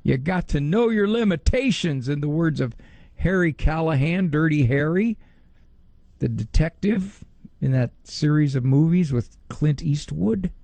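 A middle-aged man, a psychologist, giving a lively talk and often mimicking other people in a higher voice. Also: gravelly, no echo. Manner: animated, quick to mimic others in a high voice. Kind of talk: talk on parenting and faith.

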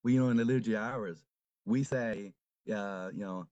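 Low, mellow-voiced priest talking reflectively. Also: male voice, no room sound, lo-fi sound. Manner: reflective, halting, many fillers. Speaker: Catholic priest. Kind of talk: casual conversation.

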